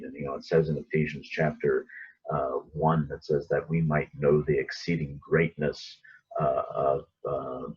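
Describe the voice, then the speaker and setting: A man's voice: extremely low pitch, slight background noise. A man giving informal Bible teaching in a conversational way, often acting out the lines he quotes. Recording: dull lo-fi recording.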